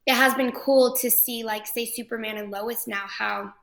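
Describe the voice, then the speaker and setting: Gravelly, chatty woman from Texas. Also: a little high, steady tone, a bit bright. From Texas, USA. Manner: chatty and enthusiastic, with quick restarts. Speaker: actress and interview guest. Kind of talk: casual interview chat.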